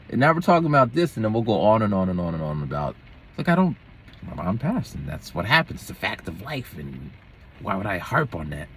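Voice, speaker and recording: A man with a husky, slightly raspy voice telling a story in a casual vlog. His pitch swings widely as he rambles and hops from one thought to the next, the way a teacher chats off the clock. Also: very animated, a little fast, a bit bright. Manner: rambling, digressive, jumps between topics. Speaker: schoolteacher and vlogger.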